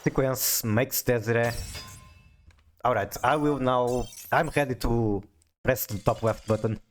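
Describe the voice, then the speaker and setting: A man with a medium-pitched voice speaks a little slowly over soft background music. He's streaming a card game and chatting casually with viewers, reading chat aloud and often stammering as he restarts sentences.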